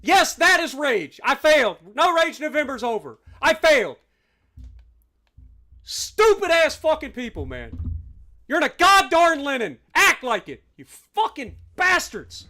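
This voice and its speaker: High, bright, furious game streamer. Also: very animated, unhurried. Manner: angry, profane ranting at teammates; heavy sarcasm. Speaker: livestreamer. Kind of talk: live gameplay commentary.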